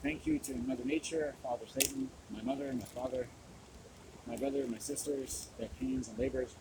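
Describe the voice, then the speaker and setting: A man recording a rambling solo vlog outdoors on a handheld camera, drifting between small talk and absurd, dark deadpan jokes. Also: medium pitch, normal speed, background noise. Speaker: vlogger. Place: outdoors in nature.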